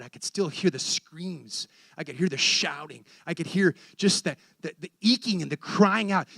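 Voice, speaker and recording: A man preaching, telling a story with excitable energy and acting out the voices in it. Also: high voice, dry recording. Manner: animated, excitable storyteller who acts out voices. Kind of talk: sermon storytelling.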